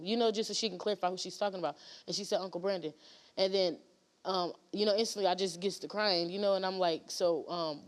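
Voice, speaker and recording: Rambling woman guest, full of fillers. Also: mid-range voice. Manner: rambling, many fillers and restarts. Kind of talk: emotional storytelling on a talk show.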